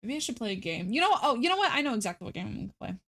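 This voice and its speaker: A young woman streaming live, talking casually to her chat in a somewhat high voice. She rants with dramatic, exasperated outbursts. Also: big pitch swings, rapid-fire, a bit bright.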